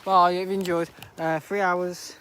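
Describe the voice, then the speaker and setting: A man's voice: high-pitched, level tone, a little slow, a bit bright, smooth. A teenage boy livestreaming outdoors at an airport viewing park, chatting casually about the planes, rambling and laughing often. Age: teens. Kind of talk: casual live commentary.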